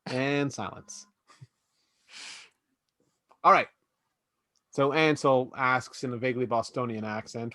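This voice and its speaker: A man runs the table in a relaxed, joking way, trading quips with his players and dropping into quick character voices. His voice sits in an ordinary middle range and is recorded close and dry, with no room sound around it. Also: mid-range voice, no echo. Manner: loose, laughing, voices several characters. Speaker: game master. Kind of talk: narrating a tabletop game.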